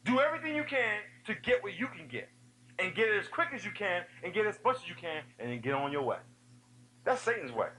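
A man giving an energetic youth sermon, telling funny stories and speaking straight to the audience. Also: sits high, a little fast, a little hiss or hum, poor audio. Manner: animated storytelling with humor; addresses the audience directly.

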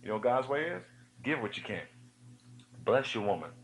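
A man giving an energetic youth sermon, telling funny stories and speaking straight to the audience. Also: mid-range voice, moderate pace, pauses often, rough recording. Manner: animated storytelling with humor; addresses the audience directly.

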